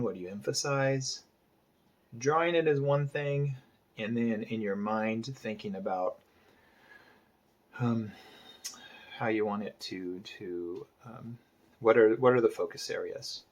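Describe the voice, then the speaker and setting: A man's voice: lowish voice, slow pace, long pauses. A man talking through his drawing process in a casual tutorial, thinking aloud and hesitating, often dropping to half-whispered asides. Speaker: art instructor.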